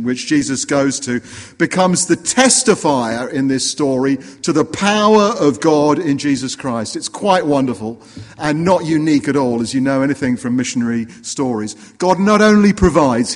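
Earnest preacher in an echoing hall. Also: male voice, fairly high pitch. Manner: earnest, rising for emphasis, dropping to quiet. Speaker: pastor. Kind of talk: sermon.

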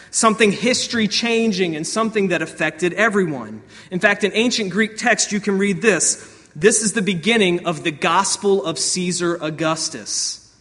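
A man with a notably high voice preaches a sermon, animated and expressive. He swings between loud outbursts and quiet asides. His voice rings with long reverb in a large hall. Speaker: pastor.

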